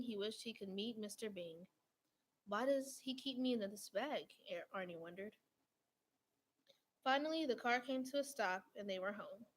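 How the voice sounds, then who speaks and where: A woman reading a children's picture book aloud in a gentle storytelling manner. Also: mid-range voice, low-quality recording. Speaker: storybook reader.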